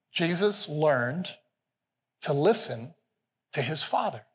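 A man, the senior pastor, preaching a lively sermon to his congregation and acting out the quotes with playful energy. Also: big-room sound. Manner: animated, playful, acts out quotes with rising pitch. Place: large church hall with a live congregation.

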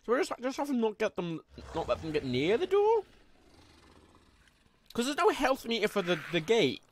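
A man's voice: high-pitched, wildly swooping pitch, moderate pace, a little hiss or hum. A man streaming live gameplay, rambling frankly and swearing as he reads chat and plays. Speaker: livestreamer.

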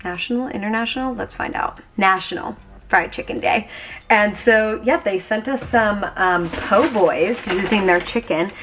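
Young woman vlogger, tired and chatty, casual filler-heavy talk, faint background noise. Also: medium pitch. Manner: chatty, lots of "like" and "um". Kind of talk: casual vlog chat.

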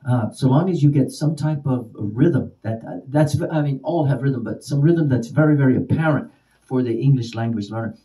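Mellow-voiced male teacher, slightly distant. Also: medium pitch. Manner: repeats example words slowly with varied stress. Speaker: ESL teacher. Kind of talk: spoken lesson for teachers.

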